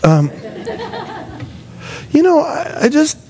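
A man's voice: very high-pitched, big pitch swings, slow, vocal fry, dark tone. A man preaching a sermon in a casual, conversational way, acting out the voices of the people he quotes. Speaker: pastor.

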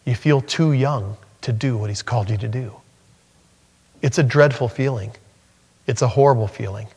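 A male pastor preaching a sermon, earnest and animated, his voice climbing high when he acts out the scripture. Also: moderate pace, slightly rough. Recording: long hall reverb.

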